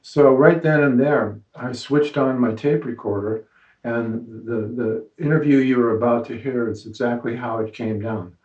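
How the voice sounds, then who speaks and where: An older man narrating a personal story as host, relaxed and conversational with the odd filler. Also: mid-range voice, moderate pace. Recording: echoey, dull lo-fi sound.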